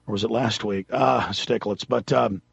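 Male talk radio host, gravelly husky voice, rambling delivery, dry dull studio sound. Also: on the low side, steady tone, normal speed, no room sound. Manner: rambling, loses his train of thought mid-sentence.

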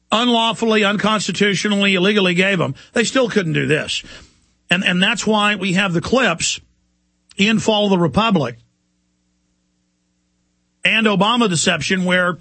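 A man's voice: high voice, normal speed, long pauses, pushed and bright, no room sound. A man delivering an impassioned, indignant talk radio monologue as the show's host.

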